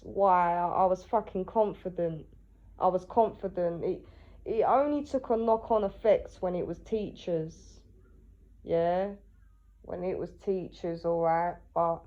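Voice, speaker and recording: Slow-talking woman questioning herself. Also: fairly low pitch, dark tone. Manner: interviews herself, tagging lines with "yeah?"; rambling, with many restarts. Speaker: vlogger and writer. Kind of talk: casual monologue. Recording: dull lo-fi sound.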